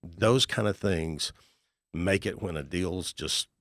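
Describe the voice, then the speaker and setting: A man's voice: sits low, slow pace, dry recording, studio quality. A middle-aged man, a real estate investor telling folksy stories in a podcast interview and acting out the people in them. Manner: folksy, animated storyteller acting out dialogue.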